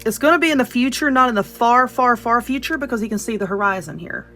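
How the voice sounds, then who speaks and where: A woman's voice: a little high, quick pace, sharp tone, soft background music. A woman giving a casual tarot and Lenormand card reading, blunt and chatty, often checking in with "okay?" and "you know". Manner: laughs and yawns between points.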